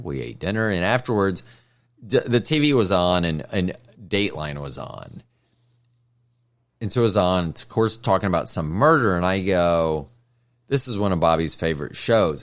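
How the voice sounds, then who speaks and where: A man hosting his own podcast, talking straight to the listener in a blunt, sardonic monologue. His voice sits fairly low but rises and falls widely as he tells his stories. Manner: blunt, sardonic, lively storytelling. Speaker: podcast host. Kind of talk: casual solo monologue.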